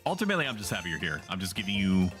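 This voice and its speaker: Lowish voiced guy streaming a game, jokey chatty rambling, swears a lot, faint music behind. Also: big pitch swings, rapid-fire. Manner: joking, chatty, swears casually. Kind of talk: casual game livestream chat.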